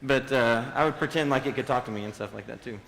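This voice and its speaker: A man's voice: medium pitch, quick pace, vocal fry, a bit bright. A man in his thirties giving a casual youth sermon, joking and quizzing the audience. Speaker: youth speaker. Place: large hall with audience. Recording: long hall reverb.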